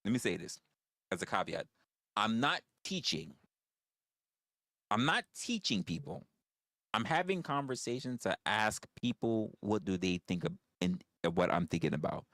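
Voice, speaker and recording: A man's voice: lowish voice, fairly bright tone, dry recording, studio quality. Blunt, stammering male livestream host. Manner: blunt, repetitive, stammering restarts, profane. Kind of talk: casual chat with viewers.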